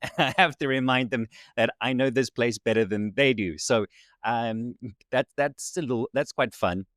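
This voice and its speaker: A South African man with a slight American Southern twang, a podcast guest telling his story in a relaxed, reflective way over a video call. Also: mid-range voice, normal speed, no echo, studio quality. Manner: reflective storyteller, warm thanks, laughs often. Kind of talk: casual interview chat.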